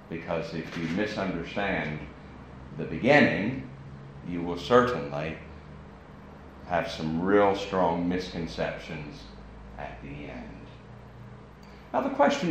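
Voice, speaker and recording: Brief: American male preacher, emphatic, measured, in a big reverberant hall. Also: lowish voice. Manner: deliberate, emphatic, pausing speaker. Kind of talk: evening sermon. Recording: very echoey hall with faint noise.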